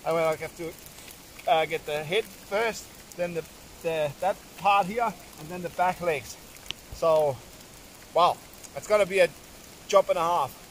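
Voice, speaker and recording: A man's voice: a little high, measured pace, long pauses, a little hiss or hum. A man, talking casually to camera on a hunting vlog outdoors in wet bush, swearing now and then. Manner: casual, swears, talks to viewers as guys. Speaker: hunting vlogger.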